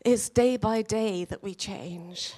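A woman leading a church gathering, speaking in a gentle, encouraging manner. She talks slowly and unhurriedly, urging her listeners on. Her pitch is medium. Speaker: meeting leader. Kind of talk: church exhortation.

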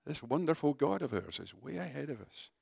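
A man preaching a sermon in a conversational, animated way, talking directly to his congregation. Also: a little high, fairly quick, vocal fry, slightly rough, no room sound, clean studio sound.

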